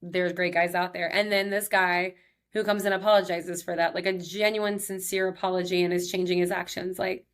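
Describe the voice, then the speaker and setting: With a lowish voice, level tone, and slightly fast pace, a woman in her thirties from Texas shares personal stories on her podcast. The monologue is casual, emotional, and upbeat, peppered with "like" and "he's like."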